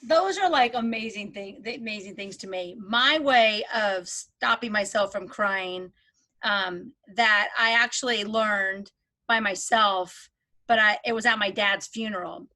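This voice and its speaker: A middle-aged woman, a guest coach in a casual interview, telling personal stories in a candid, animated way. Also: mid-range voice, a little slow.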